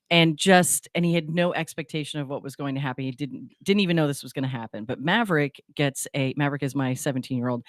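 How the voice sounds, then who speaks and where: A woman's voice: deep voice, dry recording. Rambling woman radio co-host, dry studio. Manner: rambling, frequent restarts and fillers. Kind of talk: casual radio chat. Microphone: studio microphone.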